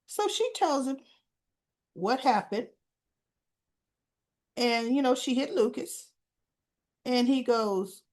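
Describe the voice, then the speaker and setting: A woman casually recapping soap opera scenes, acting out the characters' lines and talking back to them with animated indignation. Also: on the high side.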